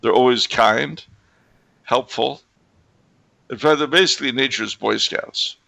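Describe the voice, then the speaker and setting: A man's voice: mid-range voice, unhurried, gravelly, sharp tone, no echo. A man co-hosting a podcast in casual chat, teasing with dry humor. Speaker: podcast co-host.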